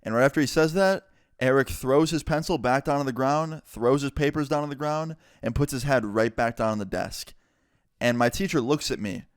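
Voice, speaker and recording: A man's voice: medium pitch, clear, resonant tone, no echo, clean studio sound. A man telling a story time in a chatty, casual way, filling his talk with "like" and acting out the people he quotes. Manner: chatty, quick to act out people he quotes, lots of "like". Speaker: storyteller vlogger.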